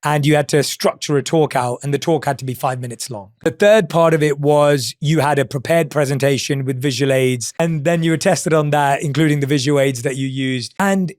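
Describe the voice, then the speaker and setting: A man's voice: fairly high pitch, fairly even intonation, a little fast, hardly any pauses, a little mellow, no echo, studio quality. Man telling a story on a podcast. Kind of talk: casual podcast chat, storytelling.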